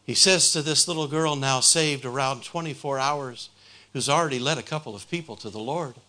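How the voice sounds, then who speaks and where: A man's voice: medium pitch, fairly quick, bright, forceful tone. A man preaching a sermon, retelling a conversion story and building to a fervent appeal.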